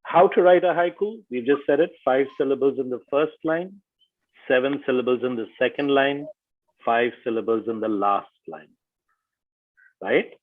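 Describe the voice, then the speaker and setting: A man leading an online workshop, speaking slowly and deliberately and stressing each syllable as he reads. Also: medium pitch. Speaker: workshop facilitator. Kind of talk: online teaching session. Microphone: video call. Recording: tinny video-call audio.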